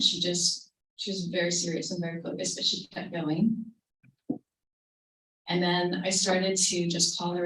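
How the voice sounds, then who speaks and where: A woman giving a reflective storytelling talk to a live audience at a creative event, telling a story gently and quoting what she said along the way. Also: lowish voice. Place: event venue, roomy hall. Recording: roomy livestream audio from a distance.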